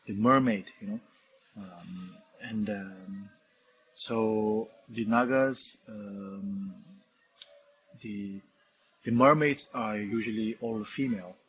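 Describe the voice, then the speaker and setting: A man with a Tibetan accent, a Buddhist teacher explaining a text in a halting, filler-heavy way. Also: medium pitch, fairly bright tone, breathy edge. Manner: halting, many fillers and restarts, explains terms. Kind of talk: Dharma talk commentary. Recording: dull lo-fi recording, faint noise.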